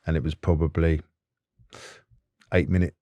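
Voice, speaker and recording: A man hosting a podcast, talking in a relaxed, conversational way. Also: rumbling low, normal speed, dry recording, highs cut off. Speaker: podcast host. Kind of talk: casual conversation.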